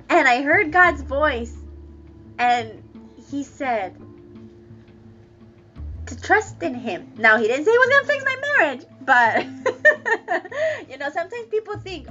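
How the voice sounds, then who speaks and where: A woman telling a personal story candidly, with emotional laughs and halting restarts. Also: high-pitched, very animated, sharp tone, dull audio, soft background music. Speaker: guest sharing a personal story.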